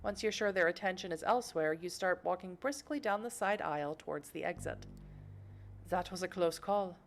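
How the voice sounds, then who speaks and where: A woman streaming a story game, reading its text aloud and breaking off with quick personal asides. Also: fairly low pitch. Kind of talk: casual game stream narration.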